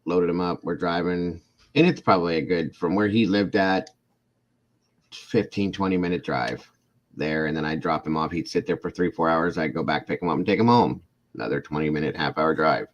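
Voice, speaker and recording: A man's voice: deep voice, normal speed, dull audio. A man from Ohio, a podcast guest, telling a long story casually and acting out the people in it. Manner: rambling, animated, acts out the people in his stories.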